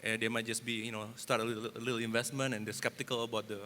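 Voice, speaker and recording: A man's voice: medium pitch, level tone, very fast, pushed and bright. A man from Indonesia, an event promoter, speaking hesitantly with many fillers on a panel. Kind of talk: panel discussion. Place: conference stage in a large hall. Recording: hall reverb, faint noise.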